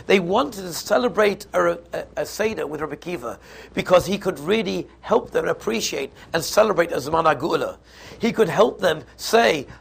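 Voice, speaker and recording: Guy with yeshiva giving a torah shiur, gravelly and kinda husky. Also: high-pitched, a bit bright. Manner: explanatory, mixes Hebrew and Yiddish terms, frequent restarts. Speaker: rabbi teaching a Passover class. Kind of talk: Torah lecture.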